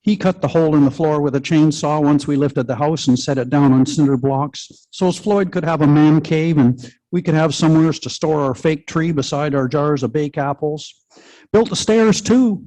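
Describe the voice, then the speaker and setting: A man's voice: fairly high pitch, warm tone, poor audio. A man reading his story aloud at a live literary event in dialect, with dry folksy humour and colloquial grammar. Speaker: reader at a live literary open mic.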